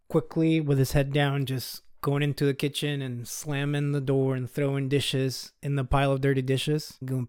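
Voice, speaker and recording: Male podcast host, casual storyteller who chuckles through the asides, warm and smooth tone. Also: mid-range voice, no room sound, studio quality. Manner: loose and conversational, chuckling as he tells it.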